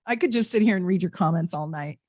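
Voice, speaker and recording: A woman's voice: fairly low pitch, fast talker, a little mellow, dry recording, studio quality. A woman hosting a live-stream tarot reading, chatting in a bubbly way with viewers and reading their comments aloud.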